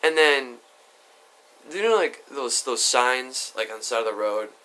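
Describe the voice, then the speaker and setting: A man's voice: medium pitch, expressive, measured pace, sharp tone. A young man telling a story on his vlog in a chatty, rambling way, full of asides. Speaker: YouTuber.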